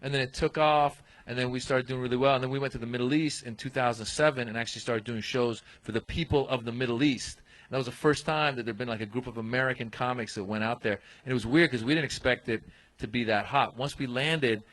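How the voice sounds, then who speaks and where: A man telling an animated story as a guest comedian on a comedy podcast. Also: medium pitch, fast talker, poor audio. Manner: animated storyteller, acts out voices.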